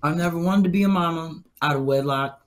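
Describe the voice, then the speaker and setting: A woman's voice: deep voice, fairly quick. A woman filling in as a podcast co-host, sassy and blunt, who swears freely. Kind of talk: casual chat.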